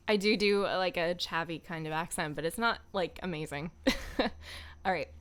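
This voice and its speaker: A woman's voice: on the low side, a little slow. A woman voice actor chatting casually on a stream, rambling and laughing often.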